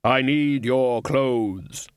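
A man voicing Death, a grim male skeleton who speaks slowly and heavily. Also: mid-range voice, smooth, no room sound, clean studio sound. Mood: grave. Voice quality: slow, heavy, measured delivery.

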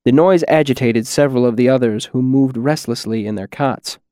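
A man narrating a first-person audiobook in a measured, quiet reading. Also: medium pitch, dry recording, clean studio sound.

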